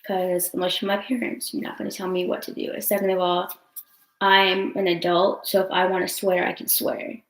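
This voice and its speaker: A young woman talks through a casual livestream, rambling with lots of fillers and frequent swearing. She sounds upset and close to tears, her pitch staying fairly level. The room around her rings with a noticeable echo. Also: level tone, normal speed. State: upset and tearful. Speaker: vlogger answering live chat. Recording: roomy echo.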